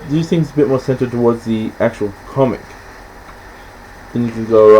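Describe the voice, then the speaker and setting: A man in casual film chat, rambling and halting, often stopping to restart, acting out scenes in quick quoted voices. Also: medium pitch, dark tone, a little hiss or hum, poor audio. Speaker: podcast host.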